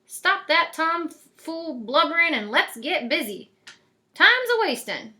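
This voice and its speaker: A woman's voice: very high voice, sing-song, sharp tone, pitched above the performer's own voice, heavily acted. Woman doing a bossy old cowgirl godmother. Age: older. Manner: folksy Western drawl, brisk and bossy.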